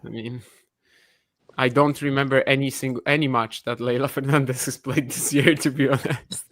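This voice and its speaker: A man's voice: medium pitch, steady tone, normal speed, a bit bright, no room sound. A man co-hosting a casual chat on a call, chatty and opinionated, often laughing. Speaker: co-host.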